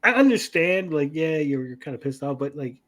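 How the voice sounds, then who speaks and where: A man co-hosting an anime review chat, retelling scenes in a lively, profane way with mock voices. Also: fairly high pitch, a little fast. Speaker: podcast co-host.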